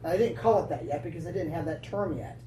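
A woman pastor preaching a lively sermon, laughing often and calling out for responses from the room. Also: low-pitched, fast. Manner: animated, laughing, calls for audience response. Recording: roomy, distant, faint noise.

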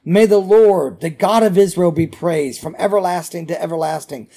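A man's voice: sits high, moderate pace, dark tone. A male pastor reading scripture aloud and stopping to explain it in a sermon, with many fillers and restarts.

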